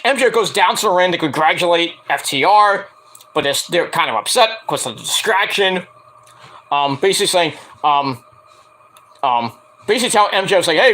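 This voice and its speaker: A man casually recapping a show in a vlog, rambling with lots of fillers and excitable play-by-play. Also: high voice. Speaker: wrestling show reviewer.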